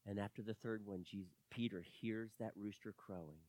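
A man preaching a sermon, telling stories animatedly and swinging between loud bursts and hushed moments. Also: fairly low pitch, normal speed.

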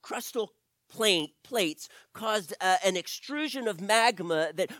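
Man voicing a brainy boy of twelve in a told story; earnest, lively pitch, dry sound. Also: slow pace, dry recording, exaggerated voice. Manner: explains in long technical words. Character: twelve-year-old boy, earnest and know-it-all.

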